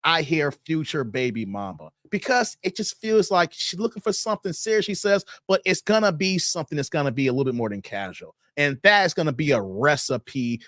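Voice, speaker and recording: A fairly high-pitched man hosts a casual livestream. He talks straight to his viewers in an animated way, chuckles often and reads the chat aloud. The sound is close and dry, with no room echo. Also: fairly quick, hardly any pauses. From Chicago. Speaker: livestream host.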